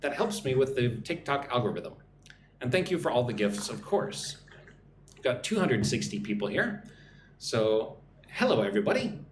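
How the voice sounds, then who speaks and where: An American man teaching business English on a live stream, speaking slowly and clearly and often checking in with "right?". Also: medium pitch, echoey room, a little hiss or hum. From United States.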